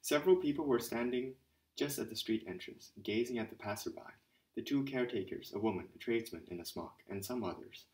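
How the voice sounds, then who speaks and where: A man's voice: mid-range voice, a little fast, darkish tone, poor audio. A man narrating an audiobook, reading steadily with occasional stumbles and restarts. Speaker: audiobook reader.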